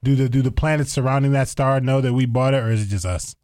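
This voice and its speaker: A man's voice: medium pitch, quick pace, a little mellow. A man co-hosting a casual comedic podcast, teasing the others, repeating jokes and laughing often. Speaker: podcast co-host.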